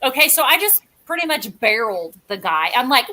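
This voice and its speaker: A woman's voice: sits high, big pitch swings, brisk, bright, forceful tone. A woman guest in casual chat who talks in a rambling, chatty and self-mocking way.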